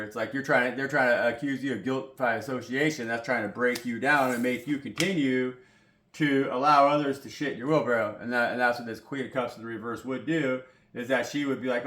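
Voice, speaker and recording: A man's voice: mid-range voice, steady tone, a little fast, a bit bright. A man giving a casual tarot reading to camera, talking in a loose, rambling, profane way full of "you know" fillers. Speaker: tarot reader. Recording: echoey room with faint noise.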